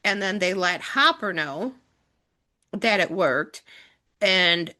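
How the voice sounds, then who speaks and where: A woman's voice: on the low side, lively intonation, takes it slowly, bright, forceful tone. A middle-aged woman co-hosting a casual podcast chat, retelling TV scenes in long run-on chains of "and". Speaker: podcast co-host, mother. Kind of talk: casual chat recapping a TV show.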